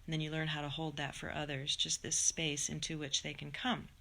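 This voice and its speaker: Middle-aged woman meditation teacher, lowish voice, animated chat easing into slow guidance; live stream. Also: vocal fry. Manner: chatty and animated, laughing, then slow soothing guidance. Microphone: phone or computer mic.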